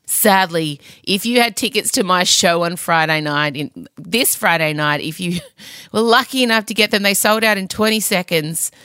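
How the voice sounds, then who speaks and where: A middle-aged woman hosts her podcast in a casual, self-mocking comic monologue. Her voice sits on the lower side, and she keeps throwing in playful leaps in pitch. The sound is dry and close, with no room around it. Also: normal speed, sharp tone, clean tone, no echo. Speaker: podcast host.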